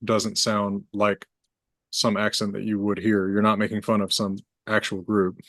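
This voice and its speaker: A man's voice: on the low side, completely flat delivery, moderate pace, fairly bright tone, no room sound. A man hosting a casual interview, asking curious questions with some hesitant restarts. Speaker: host, language teacher.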